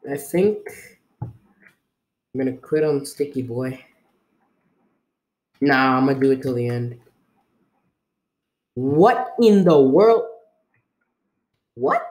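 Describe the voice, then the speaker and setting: A young man giving rambling, jokey gameplay commentary to his viewers while putting on an unplaced accent for fun. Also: mid-range voice. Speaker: gaming video creator.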